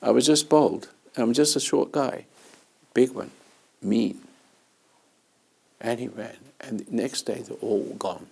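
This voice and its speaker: A man with a gravelly, dark, mellow voice tells long, rambling anecdotes in conversation. He chuckles now and then as he goes. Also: medium pitch, takes it slowly, pauses often. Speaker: host and spiritual teacher. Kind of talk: storytelling in conversation.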